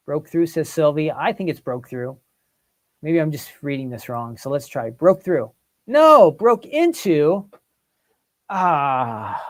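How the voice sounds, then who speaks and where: Fairly high and darkish, this man's voice carries a casual livestream where he works through word quiz questions out loud. He keeps asking his viewers what they think the answers are.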